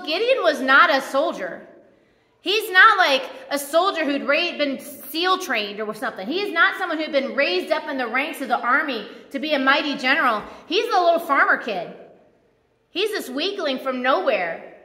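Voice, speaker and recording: A woman preacher giving a casual, animated sermon that retells scripture in a church. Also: high-pitched, normal speed, roomy sound, in a large hall.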